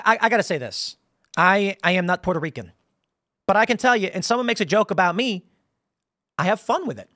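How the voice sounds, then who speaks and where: An American man hosting a political commentary show, telling stories in a rambling, animated way with frequent restarts and laughs. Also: sits high, no room sound, studio quality. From United States. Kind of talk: casual political commentary monologue.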